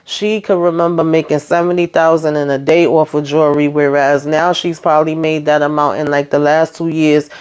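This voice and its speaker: A woman's voice: deep voice, steady tone, a little fast, hardly any pauses, a little mellow, clean tone. A woman hosting a casual show recap, chatty and full of asides, retelling scenes by quoting what people said.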